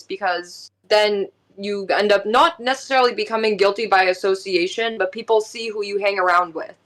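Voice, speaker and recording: A woman, a podcast guest talking in a relaxed, chatty way. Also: mid-range voice. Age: 20s. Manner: relaxed, chatty, many "like" fillers. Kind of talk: casual chat.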